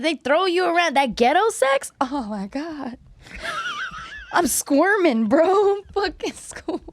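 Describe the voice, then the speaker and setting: A woman hosting a comedy podcast, talking bluntly and profanely in a loud, animated way. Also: high-pitched, no room sound, studio quality. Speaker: podcast host. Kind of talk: candid comedic podcast chat.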